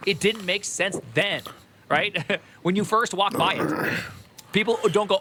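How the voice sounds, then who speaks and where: A man with a bright, somewhat high voice rambles through live reaction commentary. He laughs a lot and trips over his own sentences in his excitement. A faint hiss of noise sits under him. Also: unhurried, pauses often. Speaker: streamer reacting to a video.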